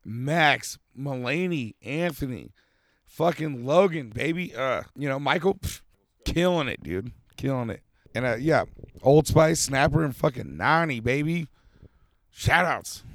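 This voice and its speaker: Rowdy, swearing podcast co-host. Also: male voice, mid-range voice, animated, a little slow, no echo, studio quality. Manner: rowdy, profane, giving shout-outs with "dude" and "baby". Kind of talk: casual podcast chat.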